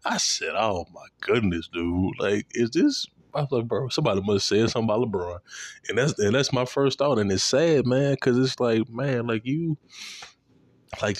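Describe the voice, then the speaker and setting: A man in a casual, profane sports rant, animated and repeating himself, aimed at a commentator. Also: lowish voice, dry recording.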